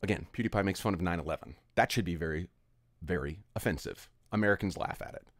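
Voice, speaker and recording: A man's voice: low-pitched, quick pace, dry recording, clean studio sound. A man giving an opinionated commentary rant, emphatic and exasperated, scolding his audience. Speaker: video commentator.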